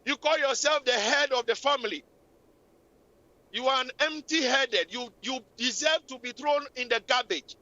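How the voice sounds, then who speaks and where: A radio talk show host with a high-pitched voice scolds and preaches relationship advice at a moderate pace, her tone sharp, repetitive and impassioned. The recording has a lo-fi radio quality.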